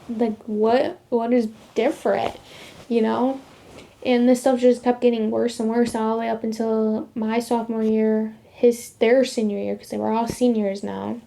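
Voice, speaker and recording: Young woman with a gravelly, mellow voice. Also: fairly high pitch. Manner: rambling, heavy use of "like" fillers and restarts. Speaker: vlogger sharing her faith testimony. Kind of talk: casual personal storytelling.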